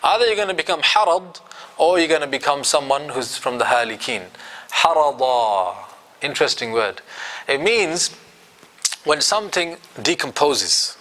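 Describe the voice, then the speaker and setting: A man's voice: a little high, very animated, moderate pace, pushed and bright. A man teaching a Quran commentary class, quizzing his students and acting out quotes.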